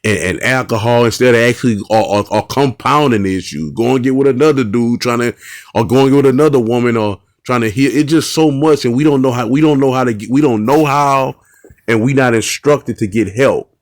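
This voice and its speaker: A man talks through bodycam footage in a casual, earnest way, repeating himself and restarting sentences. His voice sits at a middle pitch. It is recorded dry and close. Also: fairly quick, dry recording. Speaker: host of a bodycam commentary show. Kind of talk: casual video commentary.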